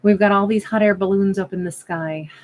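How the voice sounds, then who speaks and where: A woman's voice: mid-range voice, steady tone, fairly quick, rough recording. Chatty woman musing over tarot cards. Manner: chatty and musing, acting out imagined dialogue; frequent self-interruptions and restarts. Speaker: tarot card reader. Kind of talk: casual tarot reading monologue.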